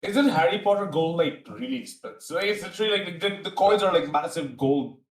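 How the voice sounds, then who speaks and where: A man's voice: a little high, brisk, roomy sound. A man who has just woken up, chatting casually and swearing on a stream. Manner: groggy, swearing, lively reactions. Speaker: co-host on a stream. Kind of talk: casual chat.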